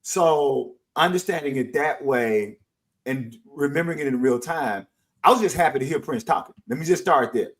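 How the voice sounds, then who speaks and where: A middle-aged man co-hosting a podcast, making his case in an emphatic, animated way and repeating words as he builds each point. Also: mid-range voice, moderate pace, poor audio. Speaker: podcast co-host. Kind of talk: casual discussion.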